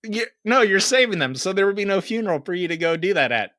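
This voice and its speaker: Male podcast co-host, 30s, bright dry voice, animated, profane storyteller. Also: fast, dry recording. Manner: animated, swearing, acts out quotes with big rises in pitch. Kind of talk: casual storytelling chat.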